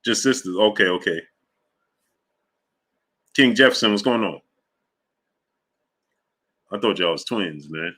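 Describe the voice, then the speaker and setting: A man hosting a casual boxing livestream, rambling loosely between fan shout-outs and fight talk. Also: fairly low pitch, expressive, measured pace, pauses often. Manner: loose, rambling, drifts off track. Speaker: host of a live boxing show. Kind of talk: casual livestream chat reading super chats.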